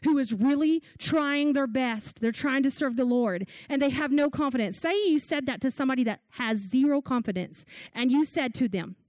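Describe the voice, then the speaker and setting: A woman's voice: high-pitched, moderate pace, few pauses, a little mellow, no room sound. A middle-aged woman, preaching a sermon in an earnest storytelling way. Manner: earnest storytelling with church-talk and restarts.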